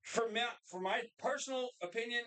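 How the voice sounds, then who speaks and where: A man's voice: very high voice, a little fast, bright, forceful tone. A man co-hosting a casual live show from a bar, rambling and quoting movie lines in put-on voices. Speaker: co-host. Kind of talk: casual bar podcast banter.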